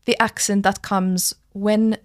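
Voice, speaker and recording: A woman's voice: medium pitch, level tone, takes it slowly, no room sound, clean studio sound. A young woman from Malta with a Maltese accent, a drama student chatting casually on a podcast and explaining at length with lots of "like" fillers. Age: young adult. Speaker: drama school student guest.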